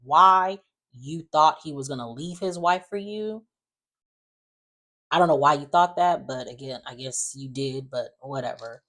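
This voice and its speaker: A chatty host casually recapping the week's soap episodes. The delivery is loose and opinionated, with plenty of fillers and quick asides. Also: medium pitch, fairly bright tone.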